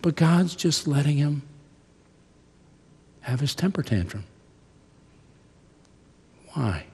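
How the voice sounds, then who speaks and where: An older man preaching a chapel sermon, slow and deliberate, with a lively pitch that drops to a near whisper and then rises loud. His voice rings with the long reverb of a large hall. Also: husky. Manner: dramatic shifts from hushed to loud. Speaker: seminary professor.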